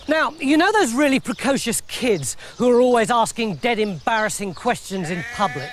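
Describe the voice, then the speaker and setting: A man's voice: very high voice, expressive, moderate pace, hardly any pauses, slight background noise. A man telling a comic story in a playful, chatty way. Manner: playful and conversational. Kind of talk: comic scripted narration. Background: music.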